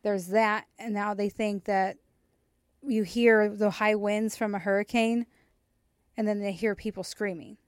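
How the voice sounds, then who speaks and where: A woman's voice: medium pitch, measured pace, dry recording, clean studio sound. Chatty woman telling a ghost story. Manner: relaxed storytelling with fillers. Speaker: podcast co-host. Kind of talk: casual chat.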